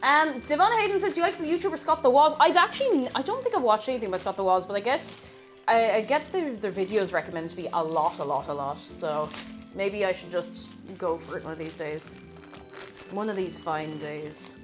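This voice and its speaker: With music in the background, a woman with a brisk, mid-range voice chats to her livestream viewers while cooking at home. She reads messages out, excitedly says hello to people, and drifts from the mic at times in the kitchen.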